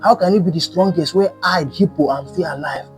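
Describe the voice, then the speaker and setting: A proud river hippo scoffs and laughs at his challenger, his voice raised and high, as a man acts him out. Light guitar music sits behind the telling. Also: a little fast, darkish tone, close to an everyday voice. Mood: scornful. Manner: scornful, laughing. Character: proud scornful male hippo.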